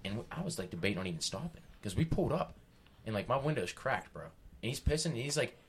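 A man with a Pittsburgh accent telling an excitable, profane story in a casual podcast chat. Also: mid-range voice, quick pace, husky. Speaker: podcast co-host.

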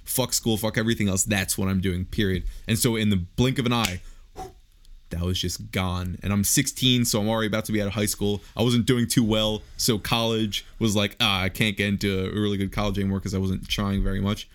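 A man's voice: fairly low pitch, steady tone, brisk. A young man speaking as a podcast guest in casual conversation, reflective, laughing often and swearing casually.

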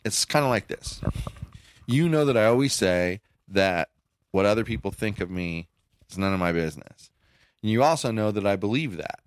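Blunt middle-aged podcast co-host, lively pitch, dry close sound. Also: male voice, moderate pace, dry recording. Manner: blunt, emphatic, swings up in pitch when making a point. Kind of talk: casual chat.

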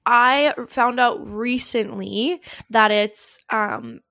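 A woman's voice: a little high, very slow, sharp tone, dry recording. Chatty young woman, dry sound. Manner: chatty storyteller, heavy use of "like". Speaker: nightclub worker sharing a work story. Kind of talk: casual chat.

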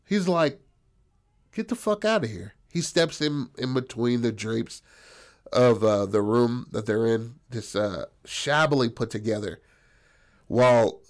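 A young man casually telling a story, rambling and profane, full of fillers. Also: mid-range voice.

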